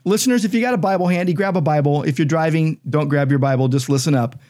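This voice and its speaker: A man's voice: fairly high pitch, fast, darkish tone. A man, a pastor and podcast co-host, explaining Bible verses in an emphatic, conversational teaching style. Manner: emphatic, explanatory, reads scripture aloud.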